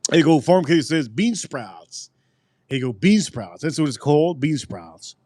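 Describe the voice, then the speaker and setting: A man's voice: a little high, very animated, moderate pace, a little mellow, no room sound. A man rambling through a casual live-stream food review, repeating himself and answering his chat. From United States.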